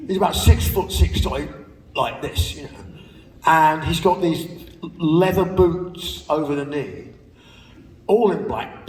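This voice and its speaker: An older man with a slightly high voice chats and laughs through anecdotes for a live audience, casually cursing as he performs a spoken-word show on a big theater stage. The sound is distant and reverberant, captured from the audience, with a faint hiss or hum.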